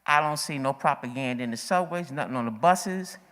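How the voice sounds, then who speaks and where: A woman's voice: extremely low pitch, a little fast, fairly bright tone. A woman from the audience speaking at an open-mic forum, a little out of breath, emphatic and repeating herself as she builds urgency. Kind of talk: impassioned open-mic remarks. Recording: echoey hall.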